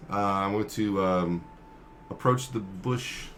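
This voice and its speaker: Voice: low-pitched, slow pace, background noise. A player in a tabletop game, describing actions hesitantly and thinking aloud.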